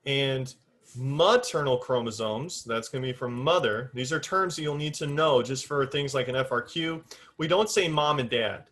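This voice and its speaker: Speaking at normal speed in a mid-range, fairly bright voice, a male biology teacher lectures to a class while sketching on a board in this recording. His manner is informal and direct, he's strict about using exact terms, and he counts aloud as he draws.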